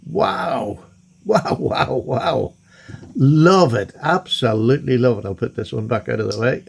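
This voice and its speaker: Excitable gravelly-voiced man gushing. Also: mid-range voice, a little slow, a little hiss or hum. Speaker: knife collector vlogger. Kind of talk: casual unboxing chat.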